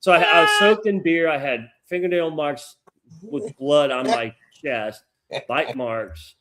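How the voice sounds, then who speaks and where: A middle-aged American man, a podcast co-host, telling a long story in a rambling, profane, animated way. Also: on the high side, unhurried. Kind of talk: casual storytelling chat.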